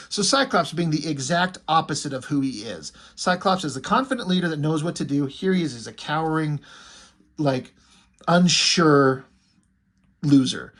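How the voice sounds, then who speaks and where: Husky, fairly high-voiced man reviewing comics. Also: lively intonation, normal speed, fairly bright tone. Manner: loose and rambling, with frequent "like" and "you know"; blunt, mocking asides. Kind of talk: casual video commentary.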